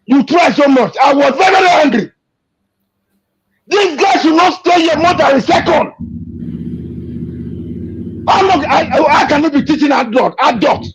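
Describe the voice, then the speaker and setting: A man giving an emotional, impassioned political rant, repeating himself and shouting in anger. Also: very high voice, animated, moderate pace, long pauses. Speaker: activist speaking to an interviewer. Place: abroad. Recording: dull lo-fi recording.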